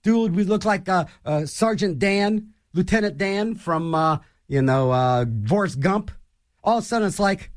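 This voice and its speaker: A man with a high-pitched voice rants for laughs, his delivery swooping up and down as he rambles. He restarts his sentences often and slips into mock voices, keeping the monologue loose and animated. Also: a little slow. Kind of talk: comedic rant.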